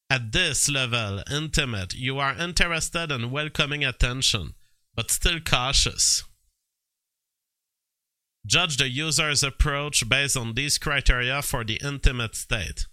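A man giving casual commentary and reading text aloud from a screen, halting and full of fillers, with bursts of disbelief. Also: medium pitch, bright, forceful tone, smooth, dry recording.

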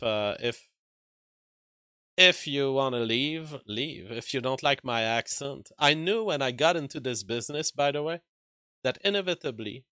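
A man's voice: medium pitch, sharp tone, clear, resonant tone, no echo. A man with a French accent hosting a livestream, reading chat and arguing back in loose, filler-heavy talk. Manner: argumentative, talks back to chat, many fillers and restarts. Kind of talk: casual livestream commentary.

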